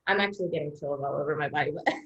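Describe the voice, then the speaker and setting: A woman's voice: low-pitched, rapid-fire. A woman co-hosting a podcast in casual chat, blunt and swearing freely. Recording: echoey dull-sounding room recording.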